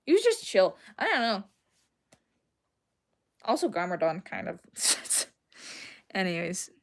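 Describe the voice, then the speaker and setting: This young Southern woman answers her livestream chat slowly, her medium-pitched voice rising and falling dramatically. The talk is casual and rambling, full of giggles and self-deprecating remarks.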